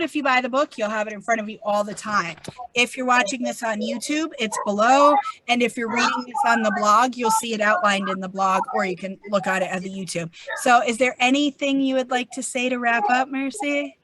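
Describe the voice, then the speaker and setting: A woman with a New England accent hosting a casual faith chat, talking in an animated, chatty way with plenty of fillers. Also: on the high side, moderate pace, slight background noise. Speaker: host.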